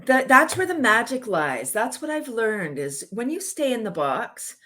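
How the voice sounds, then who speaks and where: A woman's voice: fairly high pitch, big pitch swings, unhurried, bright, forceful tone. A woman guest on a podcast, speaking with passion and enthusiasm and using many "like" fillers. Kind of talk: casual interview chat.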